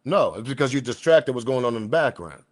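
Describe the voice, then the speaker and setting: Male commentary host, mid-pitched, blunt slangy delivery straight to viewers. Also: very animated, fast, dry recording, clean studio sound. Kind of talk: casual commentary.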